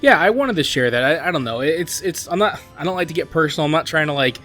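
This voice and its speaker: Fast and animated, a man with a fairly high, fairly bright voice chats casually about his gameplay for his gaming channel. He rambles earnestly, leaning on fillers like "like" and "you know," while game music plays softly.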